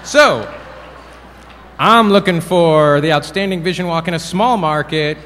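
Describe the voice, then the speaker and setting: In a large banquet hall, a man presents awards at a dinner, playful and wisecracking between announcements as a joking emcee. His voice is on the high side, measured and fairly bright, and the reverberant hall carries crowd and noise behind him.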